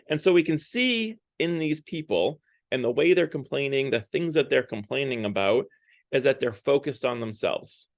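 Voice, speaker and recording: Guy retelling a story for a parish lent talk, chatty, lots of ums and likes, mid-pitched, dry close sound. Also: expressive, normal speed, creaky, dry recording. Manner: conversational, loose, with many fillers and hedging words. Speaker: parish speaker.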